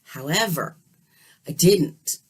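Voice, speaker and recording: A woman telling a story in a casual, animated way, often checking in with her listener. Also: on the low side, slow, breathy edge. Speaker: dream vlogger.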